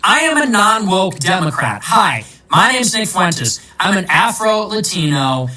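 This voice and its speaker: A man's voice: sits high, sing-song, a little slow, bright, forceful tone, recorded from a distance, poor audio. Combative, sarcastic man ranting. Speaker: political commentator. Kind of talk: ranting monologue.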